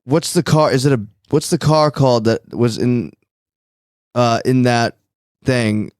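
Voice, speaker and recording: A man's voice: mid-range voice, unhurried, a little mellow, no echo, clean studio sound. A man hosting a casual podcast, telling a rambling, profane story and laughing often. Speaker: podcast host.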